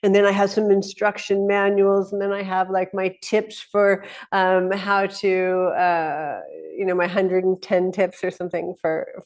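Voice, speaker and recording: A woman's voice: on the low side, a little mellow. A middle-aged woman talking off the cuff. She rambles through fillers and restarts and often laughs. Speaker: host. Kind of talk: casual spoken talk.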